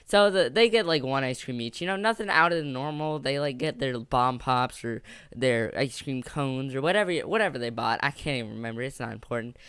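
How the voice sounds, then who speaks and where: Bright, jokey young man telling a story. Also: medium pitch, a little fast, clear, resonant tone, dry recording. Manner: rambling, jokey, full of filler words. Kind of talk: casual storytime narration.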